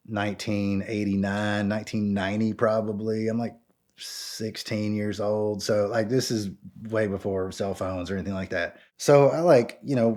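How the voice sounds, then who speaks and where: A middle-aged man from Georgia telling a personal anecdote casually, acting out dialogue with jumps in his voice and lots of "like" and restarts. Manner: animated, acts out both sides of dialogue with pitch jumps; frequent "like" and stammered restarts. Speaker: storyteller guest.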